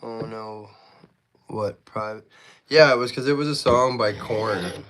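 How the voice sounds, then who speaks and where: A man's voice: fairly low pitch, unhurried, a bit bright, slight background noise. A Canadian man with a Canadian accent chatting casually on a knife-sharpening livestream, reading viewer comments aloud while he works.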